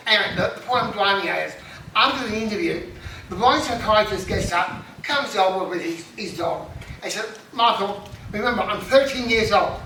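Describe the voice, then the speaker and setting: A man's voice: high voice, far from the mic, noisy background. A middle-aged man doing self-deprecating stand-up comedy, with punchy joke delivery and laughing at his own jokes. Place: festival stage. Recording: echoey hall, mic heard from afar.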